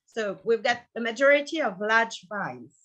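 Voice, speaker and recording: Bright French-accented woman winemaker. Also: on the high side, expressive, moderate pace, a little hiss or hum. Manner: careful, apologetic about her English. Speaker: wine producer. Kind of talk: presenting her estate. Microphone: video call.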